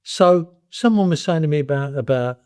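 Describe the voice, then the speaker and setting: A man's voice: a little high, animated, normal speed, a little mellow, smooth. An older man, a veteran of advertising, talking bluntly and plainly as a guest in a podcast interview. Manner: blunt, plain-spoken, repeats words when starting.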